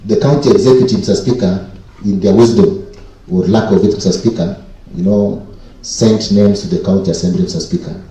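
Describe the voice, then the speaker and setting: Kenyan guy reading a committee report in an assembly, dark low voice, keeps saying mister speaker, big echoey hall, mic kinda far. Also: steady tone. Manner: repeats 'Mister Speaker' constantly, formal and deliberate. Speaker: county assembly committee chair. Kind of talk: formal parliamentary report. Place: county assembly chamber. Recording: echoey chamber, distant mic.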